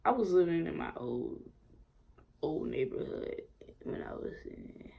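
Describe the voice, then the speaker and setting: A young woman casually telling a personal story, animated and full of swearing, acting out what others said. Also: low-pitched, a little slow, gravelly, breathy edge. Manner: animated, swearing, acts out quotes. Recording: faint background noise.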